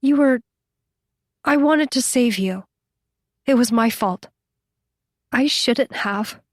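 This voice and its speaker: A woman's voice: on the high side, takes it slowly, dry recording, clean studio sound, voice pushed up. A woman narrator voicing a frightened, hurt teenage girl who is crying, speaking in broken, breathless pleas. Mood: tearful.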